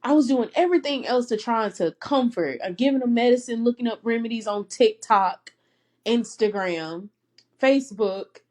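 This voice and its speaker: A young woman with a slightly raised pitch talks through her own faith story on a podcast. She sounds heartfelt and earnest and keeps breaking into soft laughter. At times she comes close to tears. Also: normal speed. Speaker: podcast host. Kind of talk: personal faith podcast monologue.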